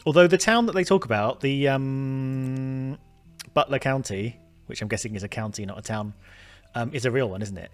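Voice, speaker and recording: A man's voice: medium pitch, moderate pace, faint music behind. A man casually commenting on a detective game as he plays, thinking aloud with lots of fillers and restarts, chatty and self-mocking. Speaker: gaming video host. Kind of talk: casual let's-play commentary.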